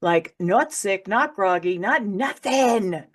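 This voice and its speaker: Taking it slowly in an expressive, medium-pitched voice, a woman author shares a personal story as a podcast guest. She's frank and profane in this emotional conversation, laughing through the hard moments.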